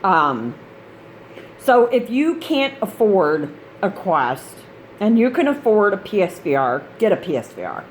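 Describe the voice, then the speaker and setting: A woman's voice: mid-range voice, sing-song, a little slow, slight background noise. Chatty rambling woman gaming vlogger. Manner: chatty, meandering, laughs often. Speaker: gaming channel host. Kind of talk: casual rambling vlog chat.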